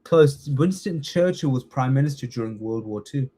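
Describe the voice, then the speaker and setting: A man's voice: medium pitch, animated, normal speed, warm tone, slightly rough. A man teaching a live online citizenship test class, quizzing students and checking in often with "yeah?". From United Kingdom. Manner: encouraging, chatty, frequent "yeah?" check-ins.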